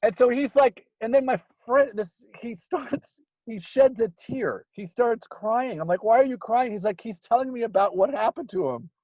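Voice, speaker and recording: A man telling a ghost story in a rambling, casual way, full of fillers, getting animated as it builds. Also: extremely high pitch, moderate pace, no room sound, highs cut off. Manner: rambling, filler-heavy, gets animated when excited. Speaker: guest storyteller.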